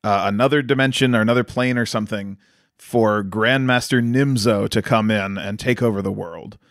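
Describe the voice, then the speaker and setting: A podcast co-host with a fairly low, fairly bright voice speaks at normal speed with fairly even intonation. He tells rambling stories in casual chat and laughs often. The recording is clean studio sound with no echo.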